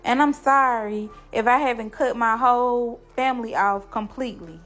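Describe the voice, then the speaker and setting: Woman, emotional direct-to-camera talk, defensive and heated, pitched a bit high. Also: normal speed, fairly bright tone. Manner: impassioned, defensive, speaks to viewers as y'all. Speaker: mother telling her story.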